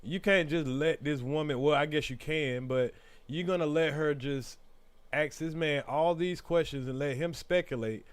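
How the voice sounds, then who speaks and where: A man's voice: on the high side, normal speed, clear, resonant tone, no echo. A man hosting a live stream, giving opinionated, conversational commentary on a trial. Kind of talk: casual commentary.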